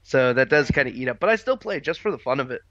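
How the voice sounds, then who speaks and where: A man with a cold, a guest on a casual gaming podcast, who talks haltingly with many fillers. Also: mid-range voice, expressive, fairly bright tone, no room sound, highs cut off. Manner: halting, fills pauses with uh and um. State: congested from a cold.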